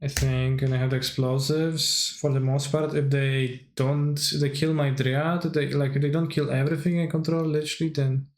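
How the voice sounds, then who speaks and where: A man streams a card game, thinking aloud about his plays and replying to viewers in chat. His voice stays fairly even and level in pitch, and the room around him sounds roomy. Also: moderate pace, few pauses. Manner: answers chat viewers while playing. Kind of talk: casual gameplay commentary.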